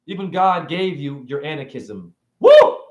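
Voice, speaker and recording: A man giving a provocative, preachy spiritual rant on his own vlog, swinging between loud outbursts and soft asides. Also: medium pitch, expressive, normal speed. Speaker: self-styled spiritual teacher. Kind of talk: ranting vlog monologue. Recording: roomy echo.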